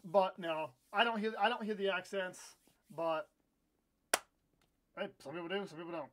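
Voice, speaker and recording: A young man from Iowa in his twenties, hosting a live gameplay stream and chatting in a rambling way, with sudden loud outbursts when the game goes wrong. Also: high-pitched, moderate pace, slight background noise. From Iowa, USA. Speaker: livestream host. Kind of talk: casual live gameplay chat.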